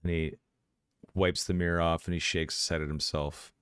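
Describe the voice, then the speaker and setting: Tabletop player guy, super deep smooth voice, slow descriptive narration, dry sound. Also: level tone, a bit bright, no echo. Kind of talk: narrating his character's actions.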